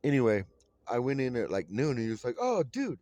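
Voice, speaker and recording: A man's voice: mid-range voice, fast, warm tone. A man ranting in a vlog from a train, profane and rambling, full of fillers. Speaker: vlogger. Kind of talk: ranting monologue. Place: on a moving train. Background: train noise.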